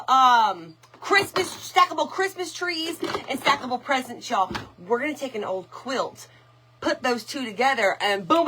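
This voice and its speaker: Bubbly woman, bright and high. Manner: bubbly, folksy, greets viewers by name. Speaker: craft livestream host. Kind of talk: chatty livestream greeting viewers.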